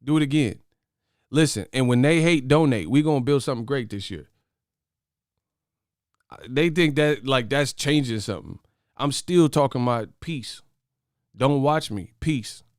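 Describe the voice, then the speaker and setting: A brash man riffing straight to his viewers, profane and mocking as he trash-talks a fighter. His voice sits at an ordinary pitch for a man, recorded close and dry with no room around it. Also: unhurried, long pauses, clear, resonant tone, no echo. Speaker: host of a boxing commentary channel. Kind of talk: casual commentary to camera.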